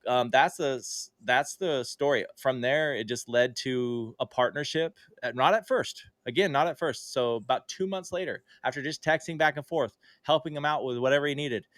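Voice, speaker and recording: A man's voice: mid-range voice, moderate pace, hardly any pauses, fairly bright tone, no echo. A man who is a guest on a podcast, telling a story in a casual way and acting out quoted dialogue in livelier tones. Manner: conversational, with frequent fillers and self-corrections.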